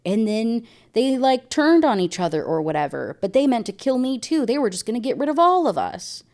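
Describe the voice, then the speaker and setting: A woman's voice: fairly high pitch, sing-song, brisk, few pauses, darkish tone. A young woman giving a casual, rambling book review rant, exasperated and slangy, reading passages aloud between asides.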